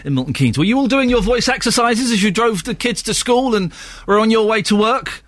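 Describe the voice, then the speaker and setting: A man's voice: high-pitched, lively intonation, fairly quick, a bit bright, dry recording. A man hosting a phone-in radio show, playful and jokey with guests and callers. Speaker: radio host. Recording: radio broadcast studio.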